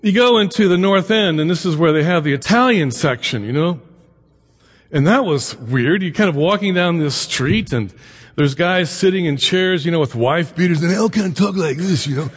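A man's voice: fairly high pitch, lively intonation, moderate pace, in a large hall. A middle-aged man giving a conversational lecture, full of anecdotes, asides and rhetorical questions. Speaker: lecturer on the Bible and immigration.

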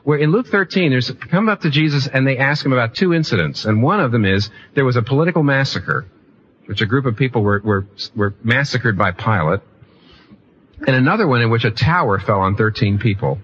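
A man preaching a sermon in an animated way, often repeating phrases and restarting sentences. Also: medium pitch, fairly quick, lo-fi sound, slight background noise. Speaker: pastor.

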